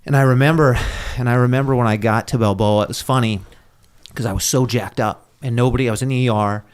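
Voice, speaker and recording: A man's voice: medium pitch, fairly even intonation, fast talker, clean tone. A man talking as a podcast guest in a casual, rambling storytelling manner, full of fillers and restarts, often laughing at himself. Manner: laughs at his own story. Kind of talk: conversational storytelling.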